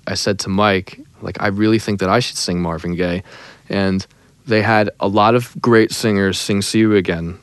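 A young man, a songwriter and singer, telling a story in a casual interview, lively and animated, dropping into sung snippets. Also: fairly low pitch, no echo. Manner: animated, breaks into sung snippets and acted quotes.

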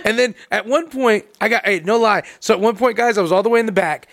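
Man from Florida, high voice, animated storytelling podcast co-host. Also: fast. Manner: animated storyteller, swears casually. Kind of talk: casual podcast chat.

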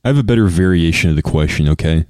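A man in a casual podcast chat, deadpan, posing absurd dilemma questions to the others. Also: low voice, rapid-fire, no room sound, clean studio sound. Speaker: podcast co-host.

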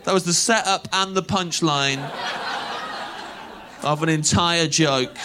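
A man in his thirties telling an animated stand-up story, acting out voices as he goes. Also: a little high, slow, crowd noise, noisy background. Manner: animated, acts out voices, laughs through lines. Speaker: stand-up comedian.

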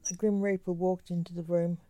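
A woman narrating a scripted fantasy story for a podcast in a calm, even reading. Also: fairly low pitch, fairly quick, no echo.

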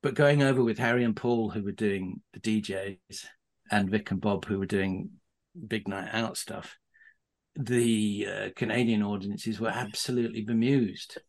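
A man's voice: on the low side, fairly even intonation, a little slow. Middle-aged man spinning rambling anecdotes. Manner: rambling storyteller with many restarts, chuckling. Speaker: podcast guest. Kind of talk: casual anecdote telling.

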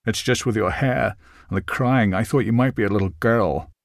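Male narrator putting on a blunt older man, low and hushed, clipped and dry, no-nonsense. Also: normal speed, vocal fry, no room sound. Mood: gruff, curt. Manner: curt, dry, few words. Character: tall balding older man, blunt and gruff.

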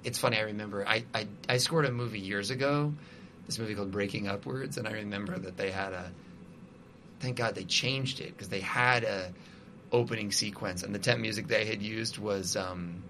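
Musician guest, male, bright voice, loose rambling talker full of fillers. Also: on the low side, moderate pace, slight background noise. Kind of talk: casual conversation.

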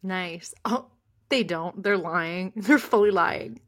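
A woman co-hosting a podcast in casual chat, reacting with gasps and quick, teasing remarks. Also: on the low side. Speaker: podcast co-host.

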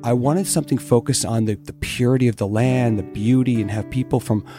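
A middle-aged man telling his own story in a casual interview, candid and animated, cursing freely. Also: medium pitch, brisk, faint music behind. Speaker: interview guest, distillery owner.

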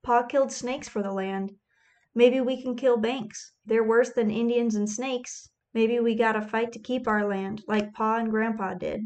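A woman's voice: on the high side, steady tone, a little slow, a little mellow, close to an everyday voice. A woman voicing desperate tenant farmers. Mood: defiant. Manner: pleading, urgent.

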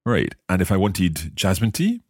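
A man with a very deep voice that moves widely in pitch, talking at an unhurried pace as he quizzes his teacher. His tone is a little husky, and the close, dry sound keeps him right at the ear. He asks question after question and carefully repeats each new phrase. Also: wildly swooping pitch, no echo. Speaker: language learner co-host. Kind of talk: conversational language lesson.

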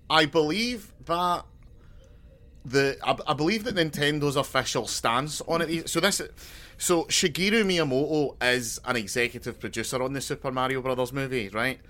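A young man co-hosting a podcast, spinning rambling deadpan jokes in casual chat with frequent restarts. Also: medium pitch, moderate pace. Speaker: podcast co-host.

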